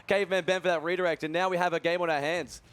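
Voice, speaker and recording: A young man doing live esports commentary, energetic and full of fillers. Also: sits high, smooth. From Australia. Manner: fast, energetic, many fillers. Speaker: esports commentator and event organizer.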